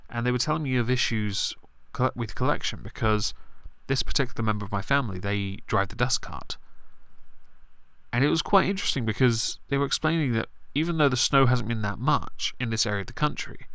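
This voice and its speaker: A man's voice: mid-range voice, vocal fry, sharp tone, smooth, no echo. A man, congested and breathing heavily, giving opinionated, rambling live-stream commentary and swearing now and then.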